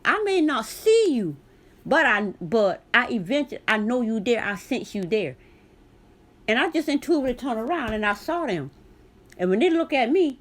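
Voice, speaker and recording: A middle-aged woman, telling a story to camera in a blunt, sassy way. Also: mid-range voice. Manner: sassy, blunt, talks straight to viewer. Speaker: vlogger.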